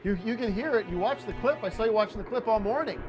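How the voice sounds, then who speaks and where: A man's voice: high-pitched, animated, quick pace, over music. A man hosting a comedic live show, bossy, blunt and profane as he directs a performer. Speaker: host.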